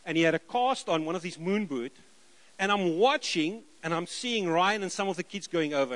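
A middle-aged South African man preaching, telling lively stories and acting out the dialogue. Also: sits high, moderate pace. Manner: lively anecdotal, acts out dialogue, chuckles. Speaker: missionary preacher. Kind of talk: sermon storytelling.

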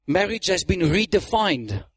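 A man preaching a sermon, animated, acting out mocking voices and laughing often. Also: high-pitched, unhurried, breathy edge, no echo.

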